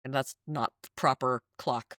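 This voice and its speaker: A woman co-hosting a fan podcast, talking in a lively way with frequent laughs. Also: extremely low pitch, moderate pace, dry recording, studio quality. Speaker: podcast co-host. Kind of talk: casual chat.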